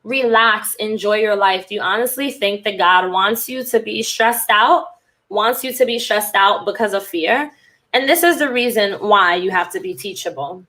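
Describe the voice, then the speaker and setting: A woman's voice: mid-range voice, moderate pace, sharp tone. A woman podcast host and cult recovery coach in a candid, rambling casual monologue who swears freely.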